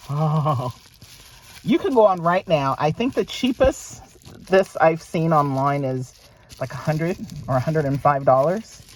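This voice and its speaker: Excitable woman, lively pitch. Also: slight background noise. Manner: gushing, excitable, talks straight to viewers. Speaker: vlogger. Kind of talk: casual unboxing chat. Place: at a private mailbox.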